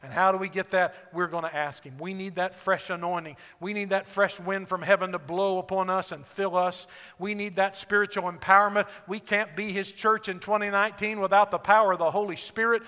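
A fervent male pastor with a strikingly high, bright voice preaches in a church sanctuary. He swings from quiet, intimate stretches to ringing, near-shouted exhortations. A long reverb trails each phrase through the hall. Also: fairly even intonation, a little fast, hardly any pauses. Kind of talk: sermon.

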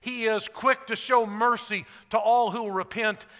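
A man delivering a sermon as pastor, his voice high and bright. He builds to emphatic, ringing lines, then falls back to soft, conversational asides. The sound carries a long hall reverb. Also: steady tone, moderate pace. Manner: swells to emphatic peaks, then drops to quiet asides.

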